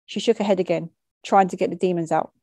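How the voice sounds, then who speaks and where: A woman reading a short story aloud, measured and matter-of-fact, dropping street slang into the narration. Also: fairly low pitch, steady tone, warm tone, no echo.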